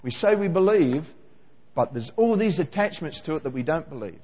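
Male preacher, high voice, questions the congregation, dull roomy hall sound. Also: normal speed, slightly rough. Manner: animated, questioning the congregation directly. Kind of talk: sermon.

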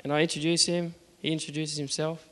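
A man's voice: on the high side, flat delivery, brisk, a bit bright, big-room sound. A man with an Australian accent earnestly telling a personal faith story, acting out the dialogue. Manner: earnest, plain-spoken, acts out the dialogue.

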